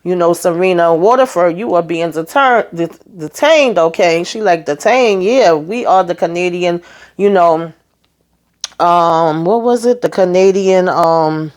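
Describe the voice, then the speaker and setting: Lady recapping her show, chatty and animated, says child and honey a lot, lowish voice. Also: a little slow. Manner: chatty, animated retelling with quoted dialogue; calls listeners child and honey. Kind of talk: casual recap chat.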